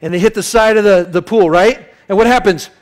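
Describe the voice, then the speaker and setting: A pastor preaches a sermon at a brisk pace, telling a lively story punctuated by sudden loud bursts. For reflective points he drops to a soft, low voice.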